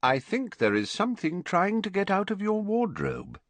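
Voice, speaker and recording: A man voicing Dumbledore, a calm, raised-pitch elderly wizard. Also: moderate pace, dry recording. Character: elderly male wizard headmaster, calm and commanding. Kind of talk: audiobook character voice.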